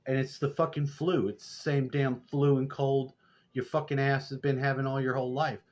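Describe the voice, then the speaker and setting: A middle-aged man telling loose, rambling stories and swearing constantly, getting loud and high when worked up. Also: little pitch movement, moderate pace. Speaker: vlogger. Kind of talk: rambling profane storytelling. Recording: dull lo-fi sound.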